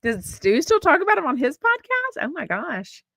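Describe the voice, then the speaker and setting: A woman from Texas hosts a podcast in a high voice whose pitch swoops wildly, at normal speed, sounding a bit bright on a dry recording. In a relaxed live-stream chat she reads out comments, rambling along with fillers and restarts.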